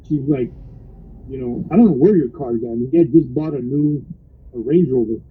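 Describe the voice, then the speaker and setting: A husky, medium-pitched man talking at a moderate pace tells a wild story from inside his car, where he drives for a rideshare service. He is casual and animated, quoting his riders and constantly saying "bro," and the audio is narrow and tinny.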